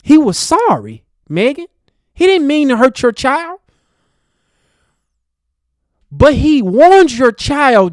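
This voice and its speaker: Man, heated commentary host, angry rant, swinging pitch, dry close mic. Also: very animated, measured pace, no room sound. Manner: angry, ranting, addresses the speaker directly.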